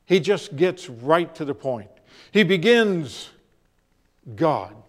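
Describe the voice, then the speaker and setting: A man preaching a sermon, telling stories and repeating phrases for emphasis, shifting between loud and hushed delivery. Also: fairly high pitch, big pitch swings. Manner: dramatic storytelling with pauses, acts out quoted voices.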